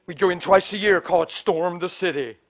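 A man's voice: sits high, fairly quick. A middle-aged man preaching a sermon, telling stories in a passionate, colloquial way and acting out the dialogue. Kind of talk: sermon storytelling.

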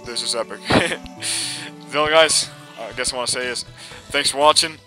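A young man giving casual, excitable commentary over his own gameplay, laughing often and talking back to enemies on screen, with game music playing behind him. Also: mid-range voice, normal speed. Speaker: gameplay video host. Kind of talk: casual let's-play commentary.

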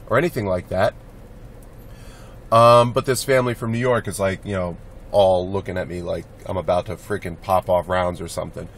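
A man's voice: fairly low pitch, fairly quick, fairly bright tone, slight background noise. A young man talking casually in a rambling, blunt vlog monologue, swearing freely. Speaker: vlogger.

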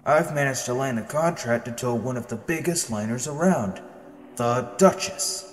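A man doing a booming harbor captain. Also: normal speed, echoey room, in a large hall, lightly acted. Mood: booming, excited. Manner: booming through a megaphone. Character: booming middle-aged male harbor captain, proud fleet owner.

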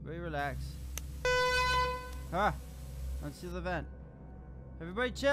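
A man hosting a let's play video, excitable and swearing constantly, shouting when panicked. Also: sits high, moderate pace. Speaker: gaming video host. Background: horror game music and sounds.

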